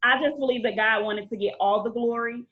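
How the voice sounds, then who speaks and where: Female guest, higher pitch, earnest and emphatic storyteller. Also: steady tone, brisk, highs cut off. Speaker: playwright and film director guest. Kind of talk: casual podcast interview.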